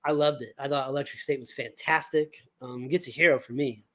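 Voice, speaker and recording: A man's voice: mid-range voice, steady tone, fairly quick, bright, forceful tone. A middle-aged man chatting as a podcast co-host, enthusiastic and profane, laughing often. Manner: enthusiastic, swears freely. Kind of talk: casual chat.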